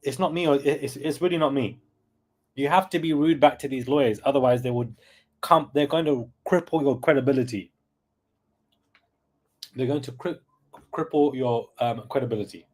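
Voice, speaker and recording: A man hosting a live stream, reacting excitably, repeating himself and sometimes shouting, and reading out chat comments. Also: mid-range voice, normal speed, long pauses. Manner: reads out chat comments and thanks donors.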